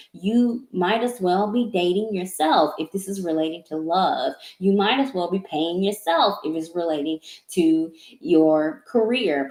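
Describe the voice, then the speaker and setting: A woman's voice: on the low side, mellow. A woman giving a live-streamed tarot reading. She stammers and repeats words, and she sounds apologetic and emotional. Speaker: tarot reader. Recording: echoey room.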